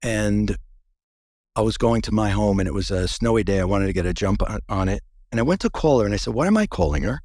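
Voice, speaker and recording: A man's voice: on the low side, a little fast, a little mellow, no echo, clean studio sound. A man guest in an interview, earnestly recounting a personal experience in a conversational way, often restarting sentences.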